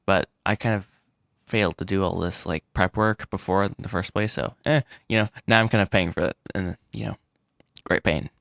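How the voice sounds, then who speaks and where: A man vlogging about making his animated film, rambling and self-deprecating, with frequent restarts and little laughs. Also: low-pitched, normal speed, vocal fry, no echo, studio quality. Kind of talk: casual solo vlog.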